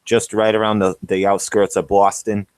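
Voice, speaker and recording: A man's voice: fairly low pitch, little pitch movement, normal speed, smooth, dry recording. A man chatting casually and joking in a rambling, easygoing way. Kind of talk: casual banter.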